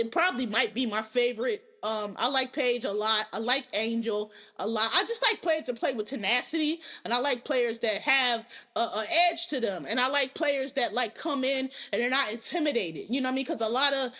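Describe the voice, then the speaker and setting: A woman hosting a podcast, giving animated, profane, opinionated commentary in casual chat. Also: high-pitched. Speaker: podcast host.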